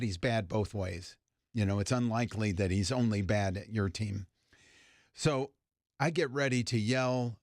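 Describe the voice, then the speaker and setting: An easygoing male co-host telling a story at an even pace. His voice sits in the middle of the range and sounds dry and close, with no room echo. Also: mid-range voice. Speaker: radio show co-host. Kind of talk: casual studio chat.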